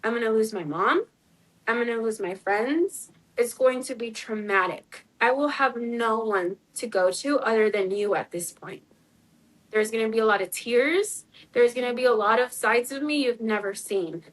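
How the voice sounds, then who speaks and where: At normal speed and fairly high in pitch, a woman in her twenties shares a personal story as an interview guest. Her telling is chatty, with acted-out dialogue and frequent "like" fillers. The recording is rough.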